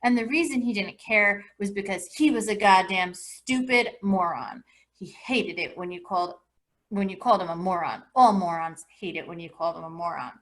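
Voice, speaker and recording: A woman teacher reads a novel aloud for her class, lending the first-person narrator an expressive, lively delivery. She sounds like she is recording a lesson. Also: mid-range voice, moderate pace. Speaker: English teacher.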